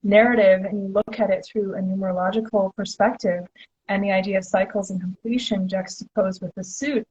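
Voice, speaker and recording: An enthusiastic woman hosts a relaxed interview and chats eagerly, scattering filler words as she goes. Her voice sits at a middle pitch. The audio is dull and lo-fi. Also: brisk, slight background noise. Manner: enthusiastic, chatty, many "like" fillers. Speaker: host. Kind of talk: casual interview chat.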